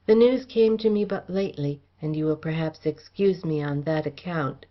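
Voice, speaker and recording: Woman voicing a guarded young gentleman heir. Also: low voice, highs cut off, lightly acted. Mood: smooth, guarded. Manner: courteous, measured, old-fashioned speech. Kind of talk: audiobook character reading.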